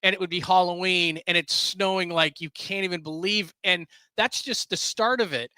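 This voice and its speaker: High, bright, animated man telling stories. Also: moderate pace, smooth, no room sound. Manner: animated, bursts into shouts when quoting. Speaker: sports radio broadcaster, guest. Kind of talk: casual podcast chat, storytelling.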